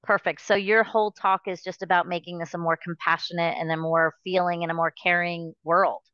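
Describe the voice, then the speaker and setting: A woman's voice: on the low side, little pitch movement, fairly quick, a bit bright, no echo, lo-fi sound. Chatty woman podcast host. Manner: chatty, rambling, frequent restarts and "you know". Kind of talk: casual interview chat.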